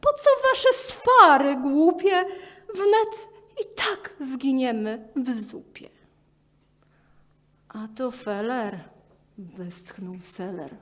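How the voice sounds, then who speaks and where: A woman recites a poem slowly and playfully, giving each character its own voice. Her voice is high and swoops widely, and it carries from a distance through a reverberant hall. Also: expressive, fairly bright tone. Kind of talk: expressive poetry recital.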